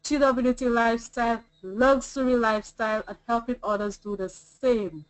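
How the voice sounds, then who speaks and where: A woman's voice: fairly high pitch, fairly even intonation, normal speed, no echo, rough recording. A woman hosting a business group call, giving an upbeat, rallying talk in list-like runs. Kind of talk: motivational talk on a conference call. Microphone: online call audio.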